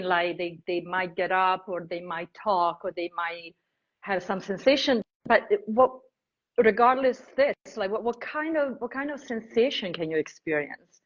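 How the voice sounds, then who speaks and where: A woman interviewer with an Italian accent, asking questions in a lively, halting way with frequent restarts. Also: medium pitch, dull audio. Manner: animated, halting, many restarts and "like" fillers. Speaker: interviewer, host. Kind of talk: casual interview chat.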